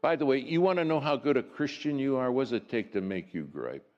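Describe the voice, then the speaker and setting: A man preaching a sermon, telling a personal story in a folksy, dramatic way that swings from soft hushes to lively rises. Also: medium pitch, brisk, lo-fi sound. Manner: folksy and conversational.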